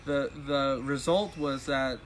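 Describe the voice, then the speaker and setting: A man's voice: mid-range voice, fairly even intonation, takes it slowly, slight background noise. A man who is a studio musician and producer, talking in a laid-back, rambling way in a casual interview.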